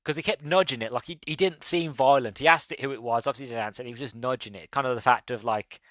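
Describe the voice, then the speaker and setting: A man's voice: medium pitch, quick pace, fairly bright tone, no echo. Brief: male podcast host, rambling casual review, dry close sound. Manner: rambling, chatty, laughs at own retelling. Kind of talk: casual movie review chat.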